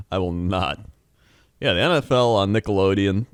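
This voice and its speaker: A man's voice: lowish voice, a little slow, no echo, clean studio sound. A young man co-hosting a podcast, telling stories in casual chat, laughing often and acting out quotes. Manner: animated storytelling, laughing often, acts out quotes. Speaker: podcast co-host.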